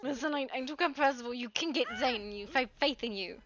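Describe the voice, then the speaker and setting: A woman's voice: high voice, brisk, dull audio, crowd noise. A woman streaming a game with friends, chatting casually, laughing often and swearing freely. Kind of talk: casual chat while gaming.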